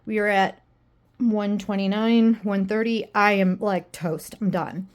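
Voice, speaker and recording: A woman's voice: medium pitch, steady tone, measured pace. A woman vlogging at home in a rambling, self-deprecating, exasperated way. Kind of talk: casual personal vlog.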